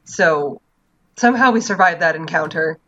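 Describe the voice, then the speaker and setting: Her voice sits low with lively intonation and a slightly bright quality, moving at normal speed. She's a podcast co-host casually telling rambling stories about a video game, full of fillers and laughter, on a dull lo-fi recording.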